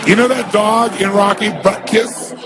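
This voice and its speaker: A man giving an energetic motivational talk, telling a story with emphatic rhetorical questions. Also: sits high, a little slow, music in the background, crowd noise. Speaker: motivational speaker.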